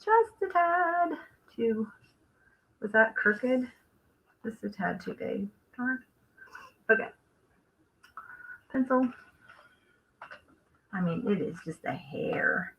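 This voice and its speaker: A woman talks through her crafting on a live stream from her work table at home, with a bright, clear voice at an ordinary pitch. She thinks out loud, trails off mid-sentence and picks the thread back up as she goes. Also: takes it slowly, long pauses, a little hiss or hum, low-quality recording. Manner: chatty, thinks aloud while working, trails off. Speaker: craft livestream host. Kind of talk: casual live crafting chat.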